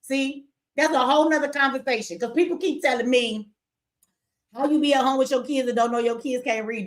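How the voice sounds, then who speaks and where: Tired, blunt woman livestream host. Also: a little high. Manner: blunt, candid, joking, reads super chats aloud. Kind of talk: casual livestream chat.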